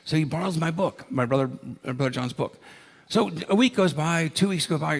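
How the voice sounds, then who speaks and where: A man's voice: on the high side, brisk, creaky. A man in his sixties from Ohio giving a conference talk in a ballroom, telling enthusiastic anecdotes with many fillers. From Ohio, United States. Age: 60s. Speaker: conference speaker.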